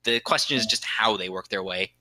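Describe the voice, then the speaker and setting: A man's voice: lowish voice, brisk, sharp tone, poor audio. A man explaining the rules of a tabletop game on a podcast, casual and full of fillers, with sudden bursts of emphasis.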